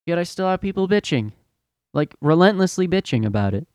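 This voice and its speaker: A man's voice: fairly high pitch, sing-song, a little fast, darkish tone, no room sound. Young guy venting on his podcast, swears a lot, totally fed up, resonant voice, dead dry sound. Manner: fed-up, profane, exasperated ranting. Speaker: podcast host, retail worker. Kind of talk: ranting podcast monologue.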